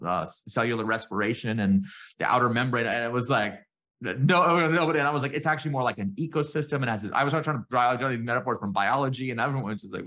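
A middle-aged man, a guest entrepreneur on a podcast, telling stories in casual conversation and acting out quoted exchanges with a raised voice. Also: mid-range voice. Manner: animated storyteller, acts out quoted exchanges in a raised voice.

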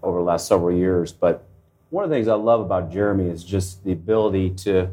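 A man with a lowish voice hosts an interview. He speaks reflectively and affirms his guest. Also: fast talker, dark tone. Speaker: interviewer, host. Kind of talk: conversational interview.

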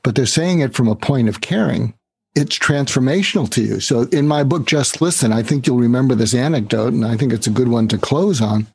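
Fairly quick and slightly rough, his mid-range voice carries some vocal fry, recorded with no room sound. He's an author and negotiation trainer in a podcast interview, animatedly spinning stories and acting out what people said.

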